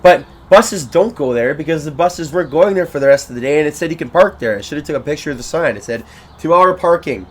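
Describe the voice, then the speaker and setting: Animated young man telling stories. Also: on the high side, fast talker, husky. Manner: animated, laughing storyteller. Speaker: podcast co-host. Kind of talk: casual chat.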